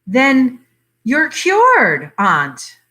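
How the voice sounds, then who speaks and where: A woman's voice: mid-range voice, expressive, takes it slowly, sharp tone. A woman reading aloud, voicing a timid young woman who speaks hesitantly and stammers. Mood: startled.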